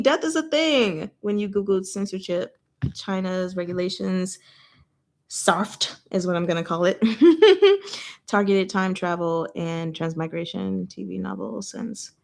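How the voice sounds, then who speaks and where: A woman hosting a casual book discussion, animated and exclaiming, often breaking into laughter. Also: mid-range voice, a little slow, vocal fry. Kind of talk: casual chat.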